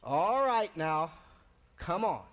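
A man voicing a horned male devil with a gruff, commanding folksy way of talking. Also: on the high side, very animated, slow, fairly bright tone, full character voice. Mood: menacing. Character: horned male devil, menacing then pleading.

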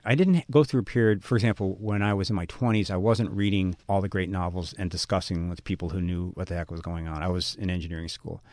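A man's voice: low voice, steady tone, quick pace, few pauses, darkish tone, dry recording. A middle-aged man, a guest author in a radio interview, talking in a musing, self-deprecating way with many restarts.

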